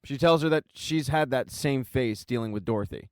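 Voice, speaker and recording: A man's voice: mid-range voice, normal speed, no echo. A man narrating a casual TV show recap with wry, dry asides. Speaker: TV recap host.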